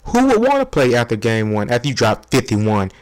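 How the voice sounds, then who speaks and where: A man's voice: medium pitch, huge pitch swings, a little fast. A man putting on a brash, slangy sports TV pundit who hypes up his favorite player, in a comedy spoof of a sports debate show.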